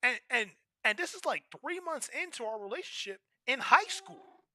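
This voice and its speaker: A young man streaming, telling a story in an animated, exasperated way. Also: very high-pitched, normal speed, no room sound. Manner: animated, exasperated, rising to outrage.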